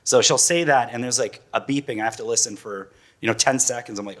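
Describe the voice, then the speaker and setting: A man's voice: medium pitch, a little fast, fairly bright tone. A man, a patient's father, chatting casually on stage and saying "like" a lot. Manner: chatty, says "like" often.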